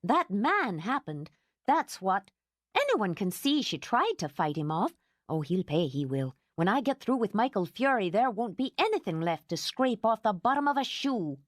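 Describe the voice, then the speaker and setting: A woman's voice: mid-range voice, sing-song, moderate pace, no echo, clean studio sound, pitched above the performer's own voice. A woman reading an audiobook, voicing a fierce, protective older housekeeper who talks indignantly and fusses. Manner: indignant, fussing.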